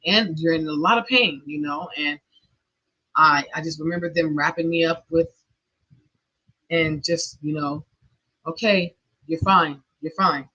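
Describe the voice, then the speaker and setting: Bright, husky woman telling her story. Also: low voice, measured pace, pauses often. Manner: earnest, emotional storytelling with nervous laughs. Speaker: podcast host. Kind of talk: personal monologue. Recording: dull lo-fi recording.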